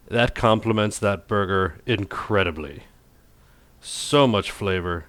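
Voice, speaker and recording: A man's voice: lowish voice, slow pace, fairly bright tone, no echo. A man hosting a casual cooking video, talking in a playful, goofy way with self-mocking jokes. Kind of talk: casual cooking vlog narration.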